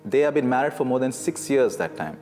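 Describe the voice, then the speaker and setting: A man giving an earnest personal faith testimony, telling his story with halting restarts. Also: medium pitch, expressive, a little mellow. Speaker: testimony speaker. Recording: echoey hall with faint guitar.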